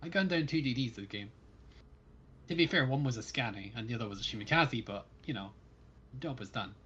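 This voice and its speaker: A man's voice: mid-range voice, animated, a little fast, sharp tone, husky, dull audio. A Scottish man chatting casually as a fellow player on a gaming livestream, playfully opinionated. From Scotland.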